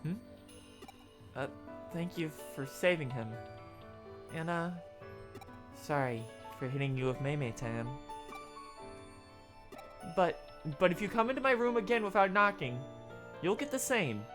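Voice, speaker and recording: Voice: medium pitch, lively intonation, a little slow, pauses often, music in the background. A streamer reading every character's dialogue from a video game aloud during a live playthrough, with laughing asides in between.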